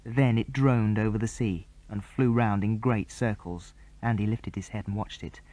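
Man reading a children's storybook, mellow tone, clear even telling, dry close sound. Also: lowish voice, moderate pace, no room sound. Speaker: audiobook narrator. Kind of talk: storybook narration.

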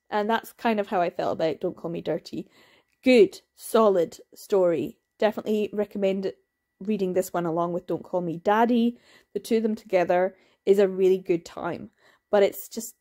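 A woman's voice: medium pitch, moderate pace, dark tone. Candid, chatty woman reviewing books. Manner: acts out quoted voices, laughs. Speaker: book reviewer. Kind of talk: casual video review.

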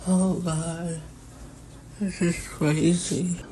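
Low-voiced woman high on an edible. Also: level tone, very slow, mellow, slight background noise. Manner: rambling, giddy and anxious. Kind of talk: casual selfie video.

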